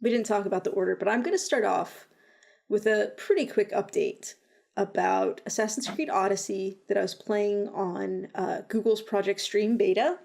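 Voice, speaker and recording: A woman's voice: medium pitch, fairly even intonation, creaky, darkish tone. A woman co-hosting a casual podcast, teasing her co-host and giving game updates. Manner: teasing, quick to laugh, dry jokes.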